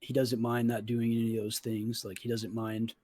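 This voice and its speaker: A man's voice: mid-range voice, completely flat delivery, moderate pace, a little mellow, slight background noise. A man in his twenties, a podcast host, casually retelling a falling-out with a friend, swearing freely and acting out the texts and phone calls. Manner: profane, retells arguments with quoted dialogue. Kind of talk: casual storytelling chat.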